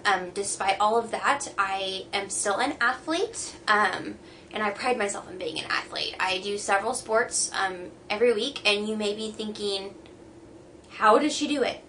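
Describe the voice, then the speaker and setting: A young woman talks casually to camera, slightly out of breath and halting, with many pauses and fillers. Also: medium pitch, pushed and bright, a little hiss or hum. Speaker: vlogger.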